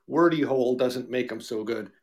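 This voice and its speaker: A man's voice: mid-range voice, moderate pace, a little mellow. A man co-hosting a casual podcast, joking and rambling with his co-host. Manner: joking, rambling, mock radio-DJ bits. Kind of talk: casual chat.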